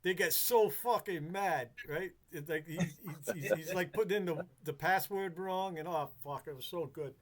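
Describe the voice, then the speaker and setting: A man with a notably high voice talks in loose, rambling chat. He swears freely and often restarts his sentences as he goes. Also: normal speed, few pauses. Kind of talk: casual chat.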